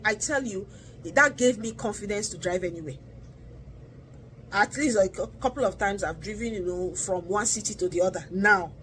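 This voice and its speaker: A woman chats to her viewers in a relaxed, earnest vlog, sprinkling her talk with "you know" and "like". Her voice sits at a middle pitch. A faint hiss runs under the recording. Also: rough recording. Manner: chatty, earnest, frequent fillers like "you know" and "like". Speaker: vlogger sharing driving test advice. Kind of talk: casual talking-to-camera vlog.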